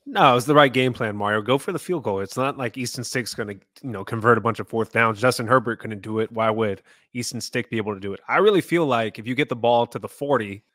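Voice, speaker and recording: A man's voice: mid-range voice, fast talker, few pauses, a bit bright, dry recording, studio quality. A man co-hosting a sports podcast, giving his opinions in casual chat. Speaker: podcast co-host.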